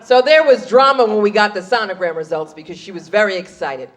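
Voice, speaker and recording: A woman in her thirties doing brash, animated storytelling in a stand-up set. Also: mid-range voice, brisk. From USA. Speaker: stand-up comedian. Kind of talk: stand-up comedy.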